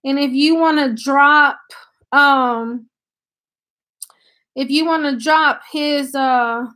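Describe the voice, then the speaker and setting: This live stream host from Tennessee speaks slowly in a forceful, bright, high voice with a Southern country accent. Recorded on her laptop, she chats casually with viewers and thanks them by name.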